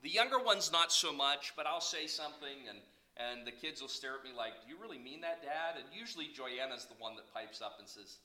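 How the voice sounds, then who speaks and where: A middle-aged man preaches with an animated storyteller's delivery. He swings from loud, emphatic bursts to hushed asides. His voice is very bright and forceful, at an ordinary pitch. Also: a little fast, poor audio. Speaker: pastor. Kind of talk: sermon.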